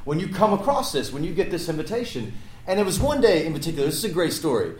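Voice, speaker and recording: An actor on a press panel tells a story in a lively, laughing way, swearing freely. His voice sits a bit high for a man. The large room around him echoes. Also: quick pace. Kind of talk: casual storytelling.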